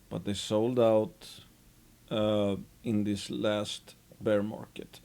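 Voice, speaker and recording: Low gravelly guy talking markets, slow and rambling, lots of uhs. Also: warm tone. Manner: unhurried, rambling with restarts and fillers. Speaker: investing commentator. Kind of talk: casual market commentary.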